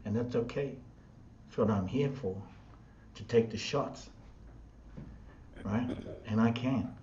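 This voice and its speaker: Slow repetitive New man, echoey. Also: mid-range voice, darkish tone, a little hiss or hum. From New Zealand. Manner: slow, repetitive, chant-like phrasing. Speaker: spiritual teacher. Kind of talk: spiritual talk. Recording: dull sound in an echoey room.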